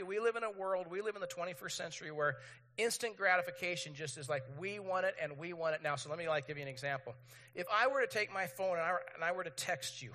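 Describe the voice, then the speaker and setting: A man preaching a sermon to his congregation as pastor, animated and acting out impatient voices. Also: sits high, in a large hall.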